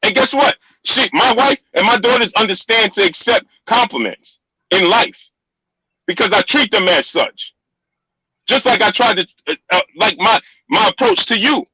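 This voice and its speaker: High, bright, insistent middle-aged man. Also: lively intonation, normal speed, breathy edge, no echo, rough recording. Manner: insistent, repeats himself, talks over others. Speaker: live-stream debater. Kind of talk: heated live-stream argument.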